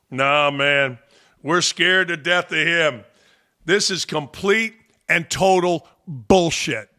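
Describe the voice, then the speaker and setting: A man's voice: high voice, gravelly, sharp tone. A man hosting a sports talk show, ranting in heated, profane commentary with mocking repetition.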